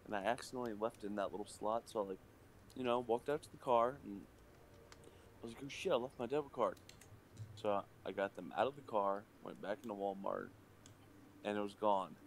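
A man's voice: fairly low pitch, fairly quick, pauses often, a little hiss or hum. A man streaming live, telling a heated, profanity-filled story in casual chat at his desk microphone. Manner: profane, heated ranting anecdote.

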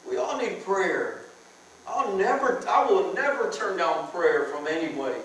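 A man's voice: high voice, expressive, measured pace, fairly bright tone, slight background noise. Echoey man preaching at a church men's conference. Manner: earnest, conversational preaching with repeated phrases. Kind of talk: sermon. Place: church hall with a live audience. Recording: very echoey church hall, mic from far off.

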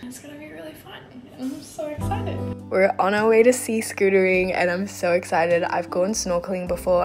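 A woman with a nasal voice from a cold, chatting upbeat and excited as a travel vlogger. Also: fairly low pitch. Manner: bubbly, upbeat, lots of "like" and "so excited". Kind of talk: casual travel vlog chat.

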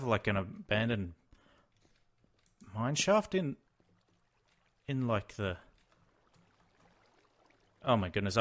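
An excitable young man talks through his gameplay in a loose, casual way. His voice sits a little low, and he swings between quiet muttering and sudden shouts of surprise. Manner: excitable, exclaims and mutters to himself while playing. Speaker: Let's Play host.

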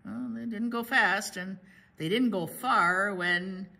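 A woman's voice: mid-range voice, slow pace, gravelly, bright, forceful tone. A woman hosting a library storytime, reading a picture book aloud to children with playful sound effects.

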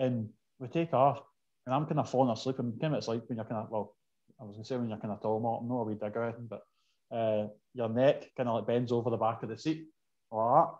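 A Scottish man telling a story in casual chat, animated and swearing freely. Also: mid-range voice, fast, muffled recording.

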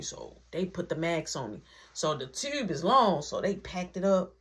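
A woman telling a story in a casual storytime vlog, her husky, slightly breathy voice swinging widely up and down in pitch. She is animated and acts out each quoted voice as she goes. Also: normal speed. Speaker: vlogger.

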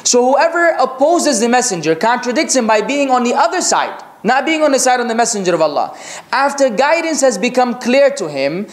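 A man preaching a religious lecture, reciting Arabic scripture rapidly and asking rhetorical questions. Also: very high voice, big pitch swings, echoey room. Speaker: Islamic preacher.

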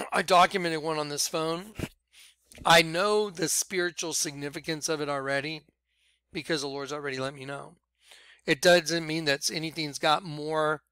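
A man telling a personal story to his viewers, animated, acting out quotes and rambling with restarts. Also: a little high, smooth, no echo. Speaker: vlogger.

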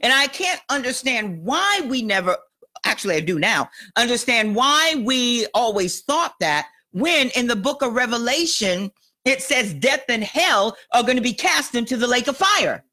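A woman's voice: fairly high pitch, big pitch swings, normal speed, sharp tone. A woman pastor giving a conversational sermon to a small room, often checking that listeners follow and laughing along the way. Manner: conversational, asks "you understand what I'm saying?", laughs often. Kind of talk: sermon teaching. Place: church or teaching room with a small audience.

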